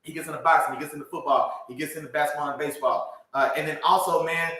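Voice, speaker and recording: Hoarse male podcast co-host, quick and loose, tags "man" onto everything; very echoey room. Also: a little high, steady tone, sharp tone, recorded from a distance. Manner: ends nearly every phrase with "man". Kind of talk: casual podcast shout-outs. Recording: very echoey room, away from mic.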